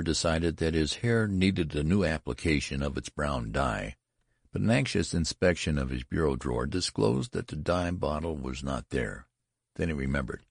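Very deep, gravelly male storyteller. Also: dry recording, studio quality. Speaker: narrator. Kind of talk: scripted narration of a classic story.

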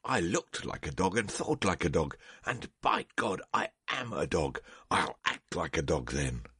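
A man's voice: low voice, animated, a little slow, sharp tone, slightly rough, dry recording, clean studio sound, heavily acted. A man reading a story, voicing a young nobleman turned savage, who cries out in a frantic, strained voice. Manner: crying out, frantic.

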